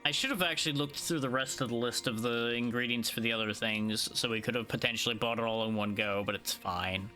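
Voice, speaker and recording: A male streamer, yawning and worn out after hours of play, chats casually through his choices. His voice has a bright, forward edge. Faint music plays behind him. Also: mid-range voice, steady tone, fast, few pauses. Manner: laid-back, sleepy, thinking aloud. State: tired, yawning. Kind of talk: casual gameplay commentary.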